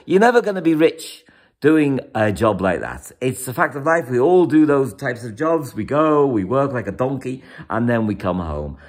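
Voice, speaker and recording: A man giving a weekly astrology forecast as a rambling, animated monologue, repeating words for emphasis and chuckling now and then. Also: mid-range voice. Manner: breaks into chuckles.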